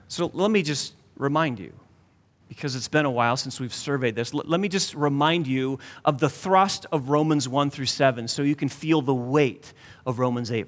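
A man preaching a sermon emphatically, dropping to a near hush to stress key points. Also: a little high, long reverb tail. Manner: emphatic, with dramatic drops to a hush.

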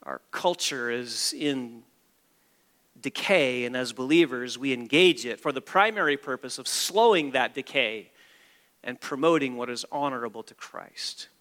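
A man's voice: mid-range voice, lively intonation, unhurried, fairly bright tone, big-room sound. A man preaching a sermon as a pastor, emphatic and repeating key phrases for stress.

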